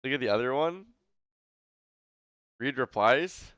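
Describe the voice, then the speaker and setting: Bright, crisp-voiced streamer man with a lisp. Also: mid-range voice, expressive, takes it slowly, dry recording, highs cut off. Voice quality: slight lisp. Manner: rambling, incredulous, full of fillers. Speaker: streamer reacting to a match. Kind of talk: casual live-stream reaction.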